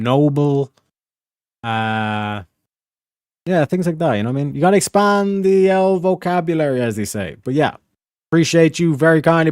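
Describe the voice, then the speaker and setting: Young male streamer, loose and rambling, heavy on filler, mid-pitched and dry. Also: dry recording. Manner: rambling, full of filler phrases and slang. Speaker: livestream host reading donations. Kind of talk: casual livestream chat.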